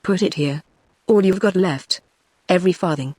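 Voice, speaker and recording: A woman's voice: lowish voice, moderate pace, a little mellow, slightly rough, dry recording. A synthetic British English woman's voice reading the lines of a scolding young female dollmaker in a storybook.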